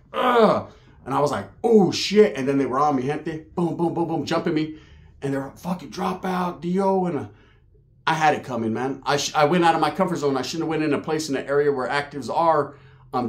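A man from Merced, California tells a street story to his channel. He talks in a rough, profane, slang-packed way, and his voice sits a bit higher than most men's. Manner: profane, slang-heavy, animated retelling. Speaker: YouTube storyteller.

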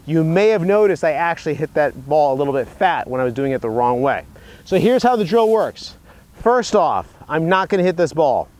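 Higher-voiced man teaching golf. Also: darkish tone. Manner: earnest, storytelling, some restarts. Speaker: golf instructor. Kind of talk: instructional video. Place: outdoor golf practice area.

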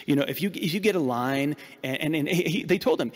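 A man's voice: a little high, animated, a little fast, big-room sound. A man preaching a sermon as a priest, emphatic and repeating words as he searches for them.

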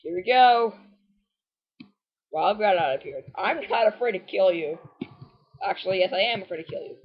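A woman's voice: medium pitch, moderate pace, pauses often. Rambly gamer lady chatting through her playthrough, bickers with the game, kinda muffled recording. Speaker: let's play host. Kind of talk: casual game commentary.

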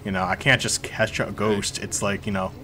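A young man streaming a game, chatting excitedly, yelling at characters and swearing when things go wrong. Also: lowish voice, normal speed, faint music behind. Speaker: gaming streamer. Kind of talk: live gameplay commentary.

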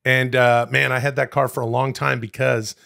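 A man from Canada co-hosting a podcast, telling a rambling story with lots of fillers and sudden bursts of excitement. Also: mid-range voice, normal speed, gravelly. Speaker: podcast co-host. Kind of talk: casual chat.

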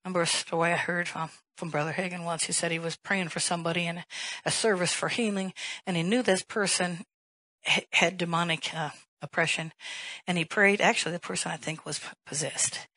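Woman pastor preaching, lowish husky voice, dry close sound, gets loud and emphatic. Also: steady tone, fairly quick, no echo, low-quality recording. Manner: emphatic, rising to a raised voice, rhetorical questions. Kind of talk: sermon.

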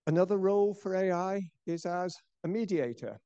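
Older guy lecturing, kinda high but mellow voice, dry dull lo-fi recording. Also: lively intonation, clean tone, dry recording. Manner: measured, explanatory, drops softer at phrase ends. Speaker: professor giving a lecture. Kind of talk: lecture presentation.

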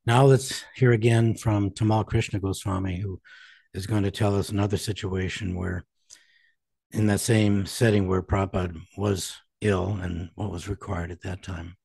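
A man hosting a podcast, who introduces clips and explains them in a measured way. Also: low-pitched, fairly even intonation, vocal fry, darkish tone, husky, no echo. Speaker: host. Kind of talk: podcast interview.

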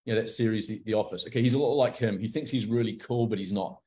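A man's voice: lowish voice, fast talker. A man, a guest in a candid interview, speaking openly and acting out the people in his stories. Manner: animated storyteller, acts out quoted characters.

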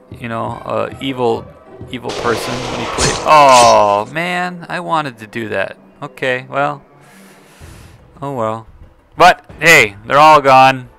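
A man giving casual gameplay commentary, playful and excitable, teasing other players and chatting to his viewers. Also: medium pitch, gravelly. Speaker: gaming video creator.

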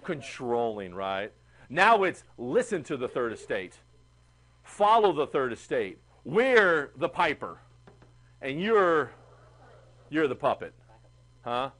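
A man teaching a history class in a classroom, animated and chatty, often checking in with the students. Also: medium pitch, slow pace, long pauses, low-quality recording. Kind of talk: classroom lecture.

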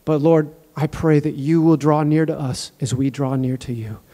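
A man's voice: fairly high pitch, fairly even intonation, normal speed, mellow. A man preaching a sermon and praying fervently, with emphatic repetition of phrases. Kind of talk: sermon with prayer.

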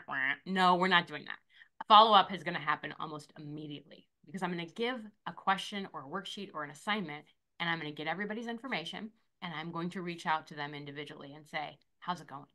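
A woman in her forties, an esthetician and motivational coach, talking in a bubbly, animated way as an interview guest and acting out the voices she quotes. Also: fairly low pitch. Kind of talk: energetic interview talk.

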